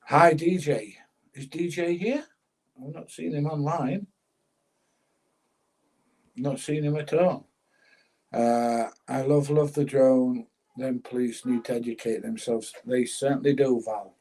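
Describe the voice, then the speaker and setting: A man's voice: mid-range voice, takes it slowly, long pauses, mellow, husky, low-quality recording. An older man casually chatting on a livestream, reading out viewer comments and laughing as he goes. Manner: chatty, laughs often, plain-spoken. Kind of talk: casual chat.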